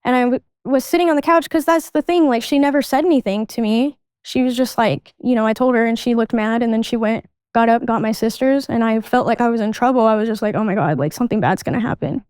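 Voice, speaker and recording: A young adult woman, a podcast guest, recounting her life in a halting way, often restarting sentences and reenacting old conversations. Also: a little high, fairly even intonation, darkish tone, clean tone, no echo. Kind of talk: candid personal storytelling.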